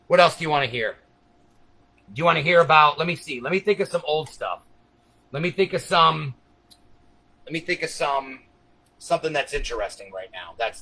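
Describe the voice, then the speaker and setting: Male streamer, high bright voice, profane conspiratorial rambling monologue to viewers. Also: poor audio. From United States. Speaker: livestream host.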